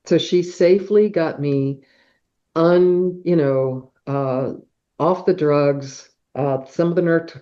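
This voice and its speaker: A woman's voice: low voice, takes it slowly, dark tone. A middle-aged woman telling a personal story as a podcast guest, acting out sounds like whooshes and claps as she goes. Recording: dull, muffled podcast audio.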